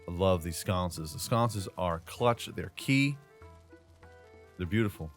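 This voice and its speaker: In casual gameplay commentary, a somewhat low-voiced man jokes his way through a tour, packing in slang and asides with lively intonation at a normal pace. He sounds like a regular channel host recording voice-over into a desk mic, with faint game music in the background.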